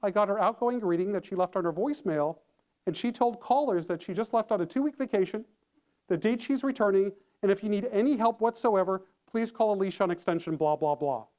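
A man telling a story to an audience, lively, acting out the phone calls he describes. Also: high-pitched, a little fast, highs cut off. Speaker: keynote speaker. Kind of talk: storytelling talk.

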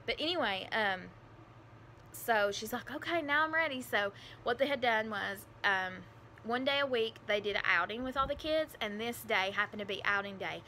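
A woman tells a personal story to her camera, her voice bright and forward. She talks in an emotional, rambling way, full of fillers and restarts. A faint hiss sits under the recording. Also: medium pitch, moderate pace. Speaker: vlogger telling her adoption story.

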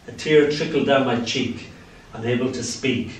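Older Irish poet in an echoey hall. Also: male voice, mid-range voice, moderate pace, slight background noise. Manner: playful, lilting, sudden swings in loudness. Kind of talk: live poetry reading. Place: event venue. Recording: echoey room from far off, faint ambience.

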